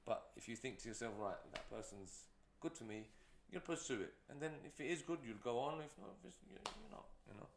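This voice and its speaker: A man's voice: medium pitch, expressive, fast talker, vocal fry, few pauses, echoey room, slight background noise. A man who is a guest entrepreneur, telling stories in a casual, rambling way with many fillers. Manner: rambling, storytelling, frequent fillers. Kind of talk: casual interview talk.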